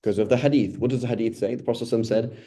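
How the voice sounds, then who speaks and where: A man's voice: medium pitch, steady tone, very fast, mellow. A man giving an informal Quran study talk as a religious teacher, speaking conversationally with rhetorical questions and a frequent "right?".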